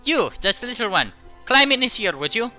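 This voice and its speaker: A man doing a stern, suspicious female creature with hooves, her voice pitched high and lively with a put-on accent. She speaks in a formal, clipped way, bright and forceful. The sound is slightly dull, as over an online voice chat. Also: brisk, faint music behind, exaggerated voice. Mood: suspicious, imperious.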